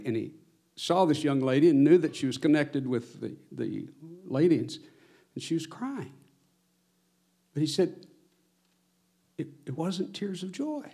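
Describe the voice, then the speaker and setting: A man's voice: medium pitch, darkish tone. A man preaching a sermon as pastor, earnest, his voice swelling on his exhortations.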